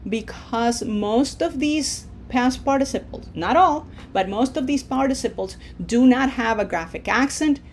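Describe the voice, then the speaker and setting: A woman gives a language lesson at an unhurried pace. She says each word slowly and clearly so the learner can repeat it, and a faint noise sits under her voice. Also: high voice, lively intonation. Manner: slow, deliberate, drills words for the learner to repeat. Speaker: Spanish teacher.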